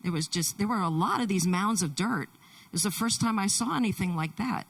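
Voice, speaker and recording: A woman interpreter voicing a Deaf man's testimony in the first person, halting, with many restarts, in a church. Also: medium pitch, vocal fry, a bit bright, far from the mic, poor audio. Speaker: sign language interpreter.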